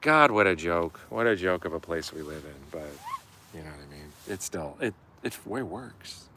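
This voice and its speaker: Animated low-voiced man ranting profanely. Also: moderate pace, a little hiss or hum. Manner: profane, animated, acts out yelling quotes. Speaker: live streamer. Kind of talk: casual storytelling rant.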